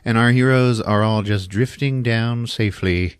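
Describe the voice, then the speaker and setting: A man's voice: lowish voice, normal speed, smooth, dry recording, studio quality. A man hosting a podcast, casually recapping a movie in an amused, chuckling way.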